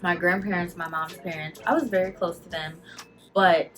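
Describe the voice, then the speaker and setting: A young woman telling a personal story to her channel in casual talk, animated and emotional, full of "like" fillers, holding back tears. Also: fairly low pitch, normal speed, faint music behind. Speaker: vlogger.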